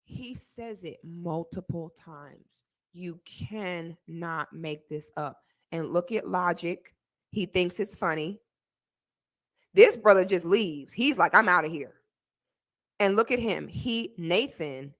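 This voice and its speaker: A woman's voice: on the low side, takes it slowly. A young woman giving heated, indignant commentary on a video as a debate panelist, emphatic and repetitive. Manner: indignant, emphatic, repeats herself. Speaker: debate panelist reacting to a clip.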